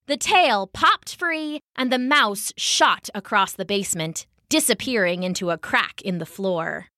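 A woman narrating a children's story in an expressive, animated way. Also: high-pitched, dry recording, clean studio sound.

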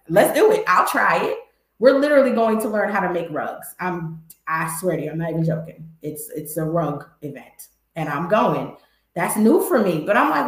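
A woman's voice: medium pitch, expressive, moderate pace, reverberant. A woman hosting a podcast, giving candid, emphatic advice in casual talk and speaking to her listeners directly. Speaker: podcast host.

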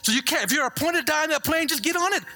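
A middle-aged man preaching a sermon as a pastor, telling stories with lively asides and checking in with the congregation. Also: very high-pitched, very fast, soft background music. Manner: animated storytelling with call-and-response asides.

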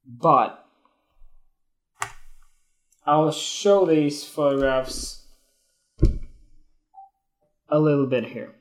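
A man's voice: on the high side, drawn-out words, long pauses. Candid, cursing man musing on photography. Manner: candid, swears freely, wanders and restarts, grows emotional. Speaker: photography podcast host. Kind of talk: casual spoken monologue on Instagram Live.

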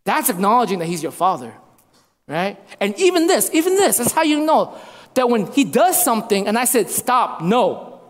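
A man's voice: extremely high pitch, sing-song, brisk. A man in his thirties preaching a sermon as a pastor, repeating lines for emphasis. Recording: long reverb of a hall.

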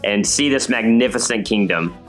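A man's voice: on the low side, moderate pace, fairly bright tone, soft background music, lightly acted. A man voicing a grandiose young hero who boasts with casual hesitations. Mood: boastful. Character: self-important young male hero, grandiose.

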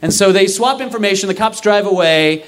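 A young man telling a comedic story live on stage, acting out the other people's lines in an animated way. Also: high voice, brisk. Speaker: stand-up storyteller. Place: live stage before an audience.

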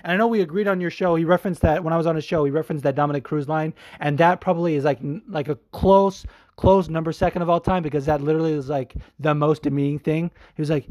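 A man's voice: on the high side, fairly quick, darkish tone, no echo. Rambling casual podcast man, dry sound. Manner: rambling, many fillers, swears. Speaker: podcast host. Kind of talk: casual chat.

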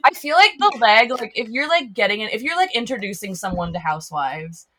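A woman's voice: on the high side, very animated, a little fast, a bit bright, a little hiss or hum. A young woman hosting a casual film podcast, chatty and giggly, with lots of "like" fillers. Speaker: podcast host.

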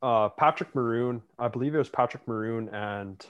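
A man's voice: mid-range voice, normal speed, clear, resonant tone, lo-fi sound. A man in casual sports chat, co-hosting and ranting with lots of filler words.

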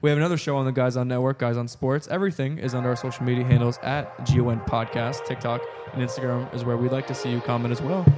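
A man hosting a casual podcast, laughing easily and wrapping up with a brisk sign-off. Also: little pitch movement, loud music behind the voice. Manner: laughs easily, wraps up with a quick sign-off pitch. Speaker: podcast host.

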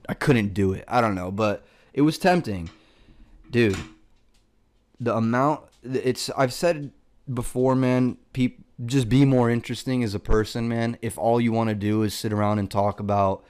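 A man's voice: medium pitch, moderate pace, clear, resonant tone. A young man, a comedian, ranting casually and profanely, rambling with lots of filler words and exasperation.

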